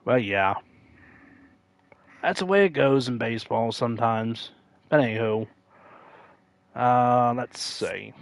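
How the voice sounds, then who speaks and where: A man's voice: a little slow, gravelly, long pauses, dry recording. Rambling man chatting on a livestream. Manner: rambling, many fillers and self-corrections; acts out quoted announcers with sudden loud high outbursts. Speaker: livestream gamer. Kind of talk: casual livestream chat.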